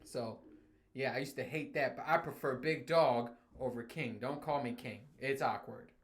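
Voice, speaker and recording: Young man, podcast host, casual solo rant, profane, animated, laughing often, mid-pitched voice. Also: moderate pace.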